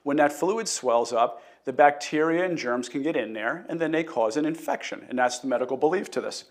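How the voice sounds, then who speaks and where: A man's voice: on the high side, fairly quick. A middle-aged man hosting a live health talk, telling a patient story in an earnest way and greeting viewers. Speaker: chiropractor host.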